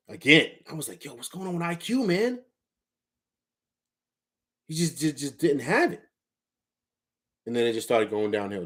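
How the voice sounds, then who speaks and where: A man from Harlem, New York, hosting a casual live sports talk show. He talks emphatically, repeats phrases for effect and slips into a coaching tone. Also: fairly low pitch.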